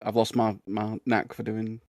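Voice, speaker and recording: A man's voice: on the low side, monotone, moderate pace, darkish tone, no room sound, clean studio sound. A man from England chatting casually as a player on a game stream, searching for words as he talks.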